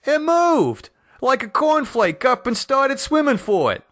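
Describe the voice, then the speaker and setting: A man's voice: extremely high pitch, very animated, unhurried, fairly bright tone, dry recording, clean studio sound, pitched above the performer's own voice, exaggerated voice. A man doing a frantic, swearing husband. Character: panicky middle-aged husband, crude and excitable. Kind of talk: audio horror story reading.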